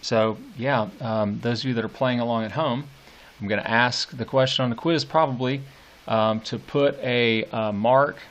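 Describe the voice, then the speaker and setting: A middle-aged man teaching literature, reading poetry aloud slowly and annotating it, with hesitant fillers. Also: mid-range voice, fairly even intonation, lo-fi sound. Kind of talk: lecture with poem reading.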